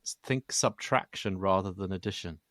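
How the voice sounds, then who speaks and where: A man with a low voice, hosting a podcast interview. He thinks aloud, hesitates and often restarts his sentences. The recording is dry and close. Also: normal speed, fairly bright tone, no room sound. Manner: thoughtful, hesitant, with many restarts. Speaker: podcast host.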